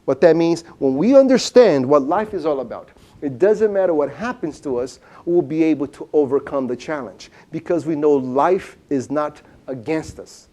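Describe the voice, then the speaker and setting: A man's voice: fairly high pitch, animated, normal speed, warm tone. A man giving a seminar lecture, telling a story with lots of rhetorical questions. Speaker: seminar speaker.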